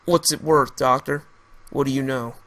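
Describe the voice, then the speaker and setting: A man's voice: medium pitch, steady tone, moderate pace, a bit bright, natural voice. A man voicing a stern, hostile rifleman who gives snarly, commanding orders. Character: stern gruff male rifleman leader, hostile.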